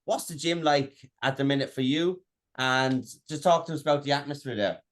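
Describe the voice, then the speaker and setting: A man interviewing a fighter, asking casual questions in a halting way, restarting and repeating words. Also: mid-range voice.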